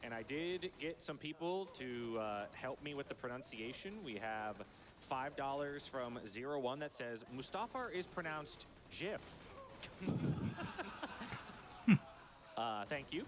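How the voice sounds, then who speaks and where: A man's voice: medium pitch, unhurried, pauses often, background noise. A man hosting a live charity stream, reading donation messages aloud in an upbeat, playful way. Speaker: event host reading donations.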